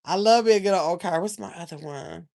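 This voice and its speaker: A woman's voice: lowish voice, a little fast, darkish tone. An older woman, hosting a casual livestream, rambling and chatting with viewers. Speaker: channel host.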